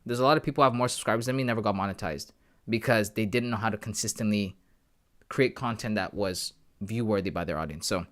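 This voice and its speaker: A man's voice: fairly low pitch, fast talker, fairly bright tone. A man from Canada hosting a live trading stream, talking casually and with hype, often calling his viewers guys. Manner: chatty, hyped, calls viewers bro and guys. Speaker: trading livestream host.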